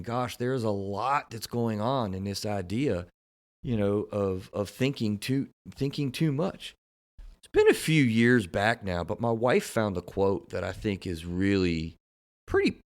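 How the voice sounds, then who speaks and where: A man who is a therapist, hosting a casual podcast conversation and talking with frequent repeats and restarts. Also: fairly low pitch. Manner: halting, repeats words and restarts often.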